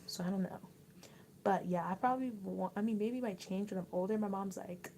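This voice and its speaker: A young woman rambles through a casual livestream chat, stopping often to read viewer comments aloud. Her voice is mellow and warm, and she talks in loose, restarting sentences full of "like". A faint hiss sits under the home recording. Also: medium pitch, fairly quick, low-quality recording. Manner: rambling and chatty, with many likes and restarts. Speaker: livestream host.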